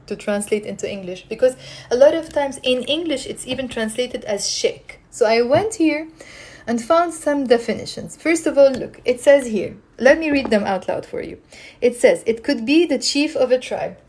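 A woman teaching a live online Arabic lesson, animated and repeating phrases slowly for learners. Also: on the high side.

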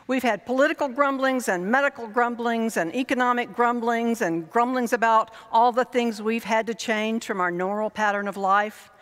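A woman pastor delivering a reflective sermon in a measured way, building her points through lists and repetition. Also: a little high, fairly bright tone. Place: church. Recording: long reverb of a church hall.

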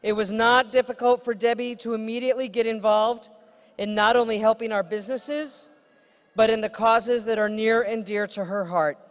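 A woman's voice: fairly high pitch, steady tone, moderate pace. A woman who is a state senator gives a formal ceremonial introduction at a podium with playful asides. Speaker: state senator presenting an honorary degree. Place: large ceremony hall. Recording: reverberant ceremony hall.

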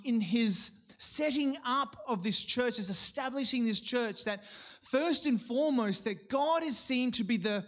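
A man preaching a sermon. He reads scripture and prays in a lower, measured voice, then talks to the congregation casually, with many fillers and self-corrections. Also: fairly bright tone.

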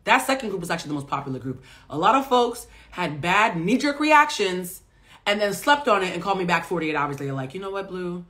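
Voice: medium pitch, very animated, fairly quick, bright, forceful tone. Blunt, emphatic life coach. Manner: emphatic, blunt, profane, talks straight to viewers. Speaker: life coach and psychic reader. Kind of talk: casual live-stream monologue.

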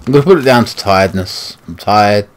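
A man's voice: on the low side, fairly quick, background noise. A man with a British accent commentating his own gameplay, frustrated and swearing as he rants. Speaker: gaming channel host. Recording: game gunfire loud behind voice. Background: video game gunfire and explosions.

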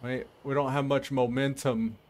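A man's voice: medium pitch, little pitch movement, normal speed, darkish tone, slight background noise. A man giving casual, rambling commentary while playing a game, laughing often and talking to himself. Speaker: gameplay streamer.

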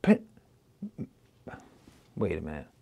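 A man with a Rochester, New York accent reviewing a rap album in casual talk, playful and animated as he recites and picks apart rhymes. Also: rumbling low, takes it slowly, creaky, breathy edge. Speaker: music reviewer.

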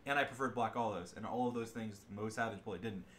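A young man chatting casually on a livestream, rambling and restarting his sentences as he gets excited. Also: on the low side, quick pace, a little hiss or hum. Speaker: streamer guest.

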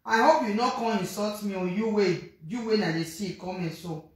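A Nigerian-accented vlogger reacts to online gossip in a loose, exclamatory way, repeating phrases and calling out to viewers. The pitch sits in a middle range. The voice bounces around a roomy, echoey space. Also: moderate pace, a little mellow. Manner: exclamatory, repeats phrases, mixes Pidgin and Yoruba. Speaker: social media commentator. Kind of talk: casual reaction commentary.

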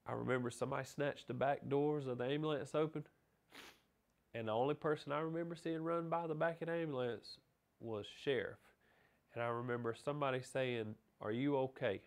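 A man with a gravelly, mid-pitched voice recalls what he saw step by step. His delivery is measured. He speaks in a documentary interview. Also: fairly even intonation.

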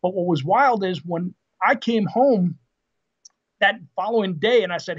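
A man in his fifties, a retired Marine officer being interviewed, telling anecdotes in a lively, casual way with fillers and laughs. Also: high voice, a little slow. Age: 50s. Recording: dull lo-fi podcast audio.

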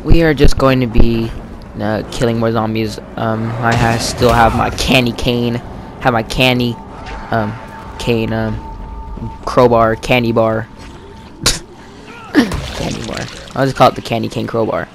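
A man giving rambling, chatty let's-play commentary while gaming with a friend, full of fillers and sudden excited yelps. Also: medium pitch, moderate pace, gravelly, over music. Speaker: gamer playing co-op with a friend.

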